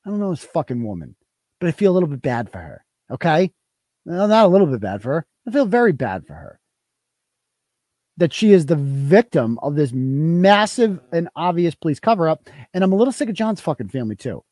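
A man's voice: on the high side, very animated, brisk, mellow, no echo. A man hosting a live show, ranting in heated, profane commentary and repeating himself for emphasis. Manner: heated, swearing, repetitive.

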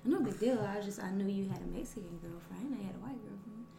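A woman's voice: medium pitch, fast, vocal fry, a loud crowd. A woman talking in a hesitant, reflective way, laughing often, in a casual podcast conversation. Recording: roomy echo.

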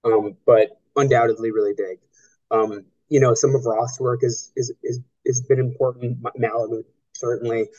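A novelist in his thirties answering interview questions, talking in a halting way with frequent restarts and fillers. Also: medium pitch, little pitch movement, a little mellow, highs cut off. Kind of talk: conversational interview.

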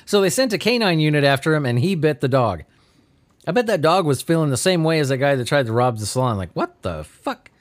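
A male podcast host riffing on strange news stories, slightly high for a man and very lively in pitch. He swears a lot and keeps breaking into laughter, sounding sleepy and giddy. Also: fast talker. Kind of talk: casual comedic news commentary.

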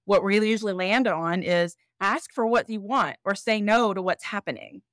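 A woman therapist, a podcast guest, explaining boundaries calmly and acting out short examples. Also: mid-range voice, normal speed, no echo, studio quality. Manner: calm, explanatory, acts out examples. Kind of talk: podcast interview.

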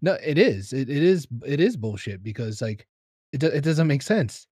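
A mid-pitched man from California talks in loose, casual chat, stumbling over his words and circling back to repeat his point. The sound is dry and close. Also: very animated, moderate pace, darkish tone, breathy edge, no room sound. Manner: repetitive, restarts often, agreeing.

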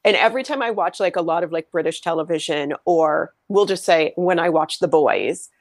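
A woman's voice: on the low side, lively intonation, normal speed, no echo. An American woman making wry, joking remarks in a casual chat. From United States.

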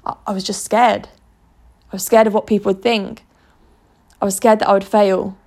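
A woman's voice: medium pitch, little pitch movement, normal speed, natural voice. A woman voicing a frightened soul admitting it gave up out of fear. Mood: ashamed. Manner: quiet, ashamed, confessional. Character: frightened, regretful soul confessing its fears.

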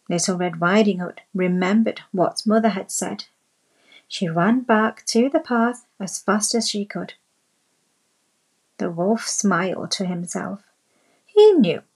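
Slow, husky woman reading a storybook. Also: mid-range voice, a little mellow, rough recording. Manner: slow, deliberate reading to children. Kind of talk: storybook narration.

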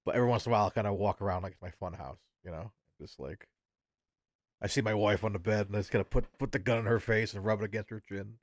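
A man with a lowish voice chatting in a relaxed way on a film podcast. He laughs often, and his voice comes through close and dry. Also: quick pace, dry recording. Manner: laid-back, laughs often. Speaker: podcast co-host. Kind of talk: casual film podcast chat.

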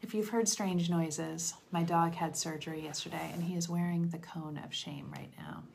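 Woman, low-pitched voice, steady earnest scripture reading, at home. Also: moderate pace, creaky, slight background noise. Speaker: daily Bible reader.

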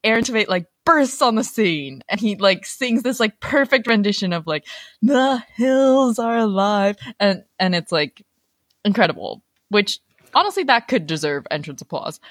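A young woman co-hosting a casual podcast chat, talking quickly with lots of filler words and animated retellings. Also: mid-range voice, no echo, studio quality. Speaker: podcast co-host.

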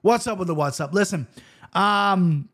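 A man in his thirties talks through fight results in a loose, rambling host style. His voice sits a little high, and he trips over words while hurrying through betting picks and the odd curse. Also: a bit bright. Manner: rambling, fast-talking with frequent restarts and swearing. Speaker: show host. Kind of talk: casual MMA betting commentary.

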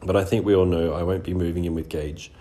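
Man doing a calm measured guardian lady, deep mellow voice. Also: close to an everyday voice. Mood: gentle. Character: calm, careful middle-aged woman guardian.

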